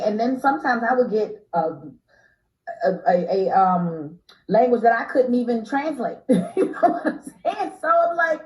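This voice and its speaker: An American woman telling an animated story as an interview guest, emphatic and quick to laugh, her pitch swinging from low to high. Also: roomy sound, low-quality recording. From United States.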